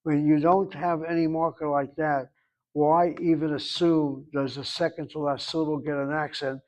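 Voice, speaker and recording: Higher-voiced male teacher explaining grammar. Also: little pitch movement, moderate pace, a little mellow. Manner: explanatory, digressive, drills pronunciation. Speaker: Hebrew teacher. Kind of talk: classroom grammar lesson.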